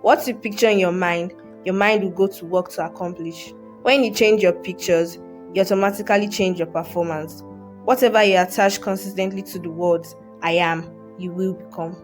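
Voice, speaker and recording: A woman tells a short moral story at an even, measured pace. She reads with earnest care, giving each line its weight. Faint instrumental music plays softly underneath. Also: fairly low pitch. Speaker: story narrator. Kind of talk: scripted narration of a moral story. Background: soft music.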